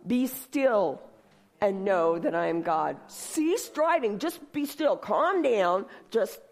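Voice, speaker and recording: A woman leading a church service who reads scripture slowly, then preaches in a lively, chatty way and often laughs while speaking. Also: mid-range voice, creaky. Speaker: church worship leader. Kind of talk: sermon.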